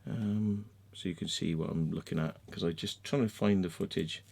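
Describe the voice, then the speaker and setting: This vlogger and crop circle maker has a deep, creaky, somewhat mellow voice with fairly even intonation and a moderate pace. In his screen-share vlog he mutters while looking through his screen, then erupts into an angry, sweary, repetitive rant.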